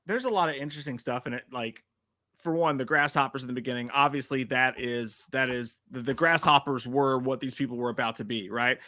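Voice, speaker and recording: Casting: quick, bright male co-host, loose and profane, dry close mic. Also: mid-range voice, no echo. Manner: profane, laughs often. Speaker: podcast co-host. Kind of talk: casual movie discussion.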